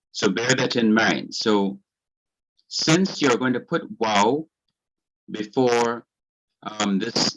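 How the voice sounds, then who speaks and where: A man with a Jamaican accent teaching a Hebrew grammar class, explaining each point slowly, patiently and carefully. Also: lowish voice, a bit bright, dull audio.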